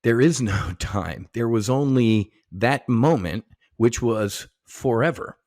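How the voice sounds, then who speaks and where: A middle-aged American man, a podcast guest, telling stories in casual, profane, animated talk full of slang and restarts. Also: mid-range voice, slow, dry recording, studio quality. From United States. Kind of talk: casual conversation.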